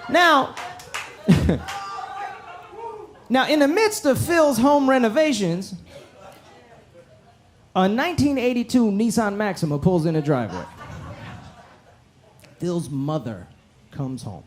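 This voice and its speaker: A man with a notably high voice performing stand-up, telling a story with animated, profane energy. He speaks into a stage mic, with faint hiss behind him. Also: takes it slowly, pauses often. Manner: animated, profane, punchline-driven. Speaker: stand-up comedian. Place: comedy club stage.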